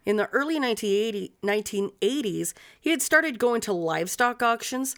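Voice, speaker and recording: A woman's voice: on the high side, lively intonation, fairly quick, a bit bright. A woman hosting a podcast, telling a true-crime story in a casual, profane, blunt way.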